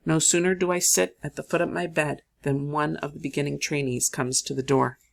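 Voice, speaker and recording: Gravelly voice, somewhat high pitch, audiobook narrator, measured storytelling. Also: male voice, level tone. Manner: measured first-person storytelling.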